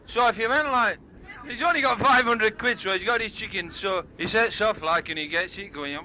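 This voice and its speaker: A man's voice: high voice, normal speed, sharp tone, low-quality recording. A man, rambling through dirty jokes at a party and slipping into voices for the characters. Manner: rambling, broad dialect storytelling with voiced characters. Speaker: joke teller at a party. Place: home party. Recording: hissy old cassette tape.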